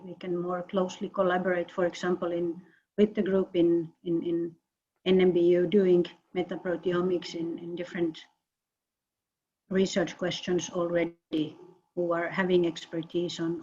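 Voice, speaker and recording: A woman researcher answering questions in an online meeting, halting and often repeating words. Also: lowish voice, flat delivery, mellow, a little hiss or hum. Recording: muffled video-call audio.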